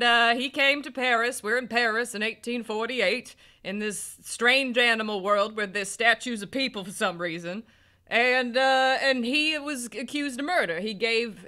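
Bright-voiced Southern man chatting over a game. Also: extremely high pitch. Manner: rambling, self-mocking, laughs often. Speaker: let's play co-host. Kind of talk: casual gameplay commentary.

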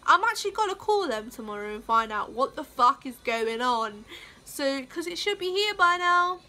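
A woman's voice: high-pitched, big pitch swings, normal speed, bright, forceful tone. A woman vlogging in a casual, heated rant, rambling with lots of swearing and fillers. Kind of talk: casual ranting vlog.

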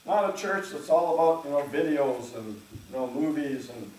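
A man preaching a sermon as pastor in a church, talking in a conversational way, often clearing his throat and acting out imagined churchgoers. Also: on the high side, expressive, normal speed, darkish tone, recorded from a distance. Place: church sanctuary. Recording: very echoey church room, speaker away from the mic.

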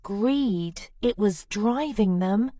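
Reading a rhyming children's storybook aloud, a woman goes unhurried and very slow, her pitch leaping up and down as she dramatizes each line in lively, expressive narration. The audio is dry and close, with no room sound.

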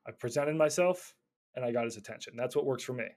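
A man teaching cold calling in a casual, energetic way, often stumbling over and repeating words. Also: mid-range voice, fast. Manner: energetic, stumbling repeats, slips into acted phone calls. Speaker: real estate investor teaching cold calling. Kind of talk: casual instructional talk.

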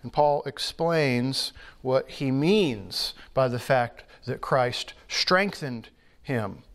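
A pastor preaching a sermon in a church, teaching in an earnest, emphatic way with measured pauses. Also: male voice, medium pitch, lively intonation, a bit bright.

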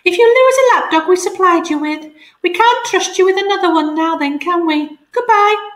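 A woman voicing a prim, officious male cockatoo who answers the telephone in a shrill, clipped voice. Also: normal speed, reverberant.

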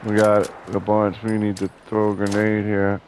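A man's voice: lowish voice, monotone, normal speed, noisy background. A young man casually commenting on his video game play, joking and swearing. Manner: joking, sarcastic, swears often. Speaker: gameplay streamer.

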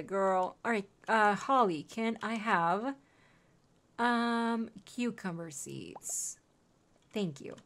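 A woman's voice: medium pitch, lively intonation, measured pace. A young woman streaming a game, chatting casually and cooing at her in-game pets. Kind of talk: casual gameplay commentary.

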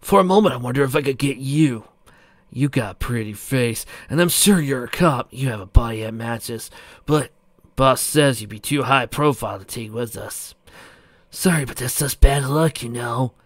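A man voicing a cold male killer who speaks in a matter-of-fact, unhurried way. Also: mid-range voice, no echo, lightly acted.

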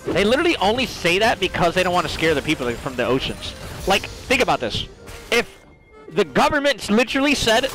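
A man streaming a video game, ranting in a rambling, profane, excitable way, filling his talk with "like" and "literally.". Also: high voice, brisk, low-quality recording. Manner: fillers, repeated "like" and "literally". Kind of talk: casual gaming stream chat. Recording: music playing behind voice.

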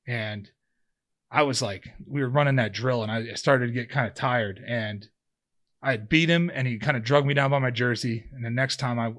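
In a casual interview, a podcast guest in his thirties with a pro football past tells a long, wandering story, repeatedly restarting and using fillers. The voice is mid-range and slightly bright.

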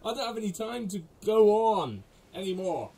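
A man hosting a gaming channel, giving let's play commentary, excitable, yelping and laughing and talking to the characters on screen. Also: sits high, moderate pace, gravelly, slightly rough, poor audio. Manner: excitable, yelps and laughs often; talks to the game characters.

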